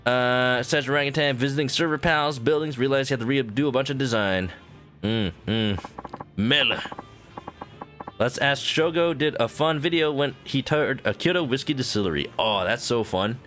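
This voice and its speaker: A man's voice: mid-range voice, moderate pace, fairly bright tone, soft background music. A man chatting casually with viewers while playing a game on stream, rambling with lots of "like" fillers.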